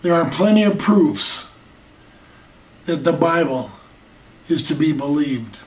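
A man with a fairly high, animated voice preaches slowly and earnestly, stretching key words and posing rhetorical questions. The recording is made from afar in an echoey room.

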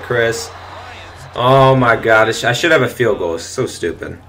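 A man's voice: on the low side, normal speed, a little hiss or hum. Young man swearing over a football game. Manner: frustrated, swearing, shouts and laughs at plays. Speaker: gaming channel host. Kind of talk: gameplay commentary.

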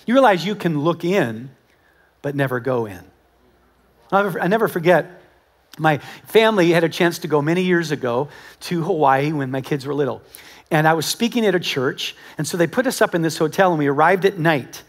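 A man with a notably high voice preaches to his congregation at a church service. He tells stories in an animated, conversational way and often turns to speak right to the people in front of him. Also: a little fast. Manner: animated storytelling with acted-out quotes; conversational, talks directly to the congregation. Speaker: pastor. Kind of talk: sermon.

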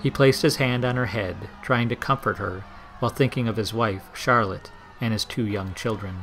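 A man narrating a historical novel in a measured, steady audiobook reading. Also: fairly low pitch.

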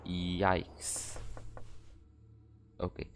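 A man's voice: low voice, monotone, extremely slow, gravelly, background noise. A man giving casual, joking commentary while playing a game, with frequent swearing. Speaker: let's play commentator.

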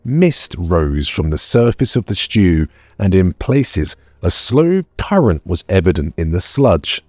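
A male audiobook narrator reading in a measured, expressive way, his deep, dark voice moving through a lively pitch range. The sound is close and dry, with soft music faintly underneath. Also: husky, dry recording. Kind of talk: scripted narration.

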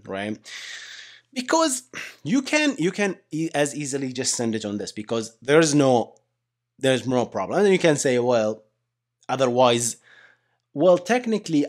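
Speaking at a medium pitch, a young adult man delivers a relaxed whiteboard lesson on software engineering. He's animated and chatty, frequently ending sentences with "right?" and addressing the audience as "guys."

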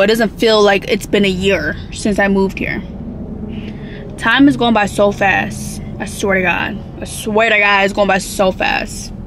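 A woman's voice: medium pitch, slight background noise, rough recording. A young woman from Milwaukee, vlogging in a chatty, upbeat way, rambling and swearing freely. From Milwaukee, Wisconsin. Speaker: vlogger and makeup artist. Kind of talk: casual vlog chat.

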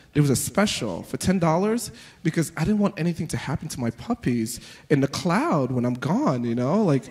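This live stand-up set comes from a man with a fairly high pitch. He wanders through his material animatedly, full of fillers, with quick switches into exaggerated voices.

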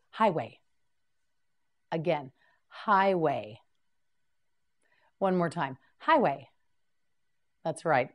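A woman teaching English vocabulary in a scripted drill, repeating each word slowly and prompting the listener to say it again. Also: lowish voice. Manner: slow, clear repetition with prompts to repeat.

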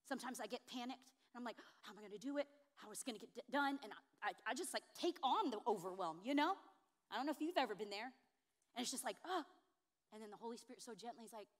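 A woman pastor preaching a sermon, expressive, building to emphatic high peaks.

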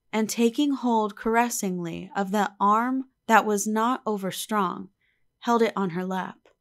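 A woman narrating a classic novel in a calm, measured way. Her voice sits at an ordinary middle pitch and the reading is steady and unhurried. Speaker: audiobook narrator. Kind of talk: scripted narration.

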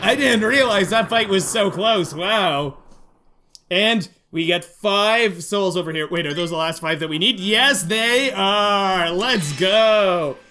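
A man giving excitable let's-play commentary during a boss fight, pleading with and taunting the enemy as he plays. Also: high voice, unhurried. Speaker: gaming YouTuber. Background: game music.

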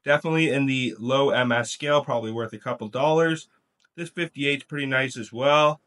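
A man's voice: medium pitch, a little fast, a bit bright. A man hosting a coin collecting video, casually talking through his finds. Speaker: coin collecting channel host. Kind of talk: casual show-and-tell narration.

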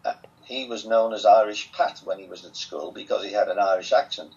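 An older man with a Southwest Lancashire accent tells stories at a relaxed pace with a dry, self-amused humour. His voice sits fairly low. The recording sounds dull and lo-fi. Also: a little fast. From England. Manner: chatty, wry, self-amused. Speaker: interview guest. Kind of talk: relaxed storytelling.

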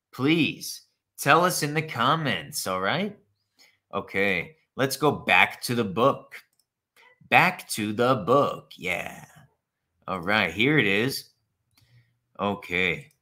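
Male online English teacher, very slow and lively, bright tone, repeats each phrase. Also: medium pitch. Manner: slow, repetitive, animated teacher talk, answers chat questions. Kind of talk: live online English lesson.

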